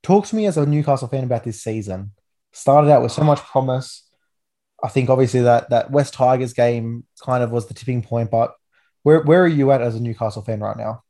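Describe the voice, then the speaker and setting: A man's voice: mid-range voice, brisk, dark tone. A man in his twenties with an Australian accent, hosting a casual rugby league chat with enthusiastic, rambling talk full of restarts. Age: 20s. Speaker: podcast host.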